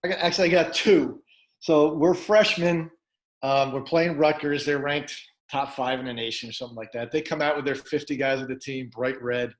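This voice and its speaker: A man in his sixties, a former college lacrosse player, telling lively anecdotes to old teammates and acting out his coach's lines. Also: medium pitch, normal speed. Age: 60s. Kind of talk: animated storytelling among teammates. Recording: roomy echo.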